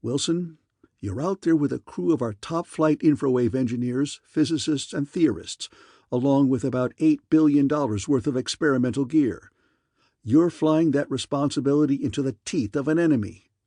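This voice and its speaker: A man's voice: mid-range voice, normal speed, warm tone, no room sound, clean studio sound, natural voice. A man voicing an angry older male admiral who scolds in a stern way. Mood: scolding.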